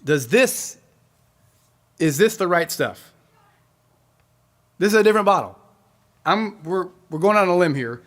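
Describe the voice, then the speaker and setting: A man's voice: high voice, expressive, a little slow, long pauses, a bit bright. A man hosting a weekly live concert stream, chatting casually and rambling with his viewers and laughing often.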